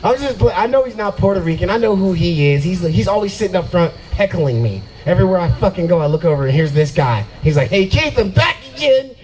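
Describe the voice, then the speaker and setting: Brash profane stand-up comic. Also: male voice, high voice, fast, hardly any pauses, warm tone, a little hiss or hum, rough recording. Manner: brash, profane, riffing with the crowd. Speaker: stand-up comedian. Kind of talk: stand-up comedy set. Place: brewery open mic night.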